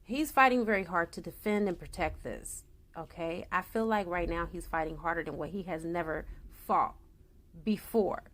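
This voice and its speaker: A woman reading tarot for her viewers, a naturopath who talks in an excitable, chatty way straight to the audience and slips into a solemn tone for invocations. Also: on the low side, normal speed. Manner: solemn invocation voice when calling spirits.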